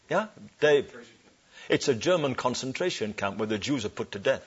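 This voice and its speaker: A male preacher delivers a sermon in a church with a mid-range voice. He leans hard on scripture phrases and draws each one out slowly, and he throws rhetorical questions to the congregation. The recording sounds dull and lo-fi. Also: medium pitch, lively intonation, breathy edge.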